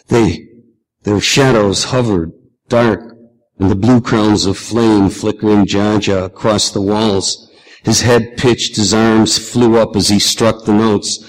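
A man reading literary fiction aloud in a measured, reflective way. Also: on the low side, big-room sound, poor audio. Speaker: reader.

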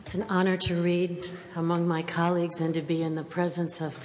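A woman's voice: lowish voice, flat delivery, a little fast, a little mellow. A woman poet making hesitant, thoughtful opening remarks before reading. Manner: hesitant, thoughtful speech with fillers. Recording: reverberant hall with faint noise.

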